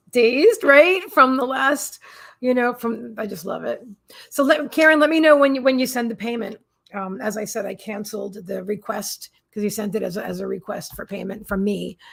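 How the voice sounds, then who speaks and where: Hosting a psychic reading livestream, a woman chats casually in a slightly high voice with a gravelly fry. She gushes, repeating her thanks and greetings, and keeps trailing off into halting restarts and plenty of fillers.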